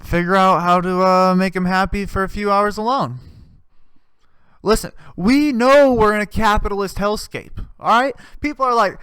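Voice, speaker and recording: A man's voice: high-pitched, moderate pace, a bit bright, clear, resonant tone, no echo. Male comedy podcast host, sarcastic profane ranter, clean resonant voice, dry close mic. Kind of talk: casual comedic rant.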